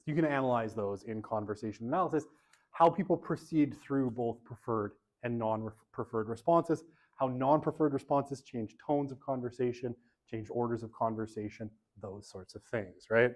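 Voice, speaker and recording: A man's voice: medium pitch, normal speed, a little mellow. A man lecturing a university class in a casual, chatty way, often checking in with "right?" and poking fun at his own habits. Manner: chatty, self-deprecating, fills with "right?" and "okay".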